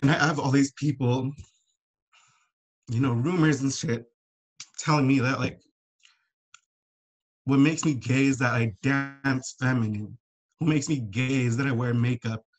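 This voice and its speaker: A man's voice: medium pitch, fairly even intonation, a little slow, long pauses. A young man speaking heartfelt and emotional about his own life, swearing now and then as he gets upset. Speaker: panelist. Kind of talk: emotional personal sharing.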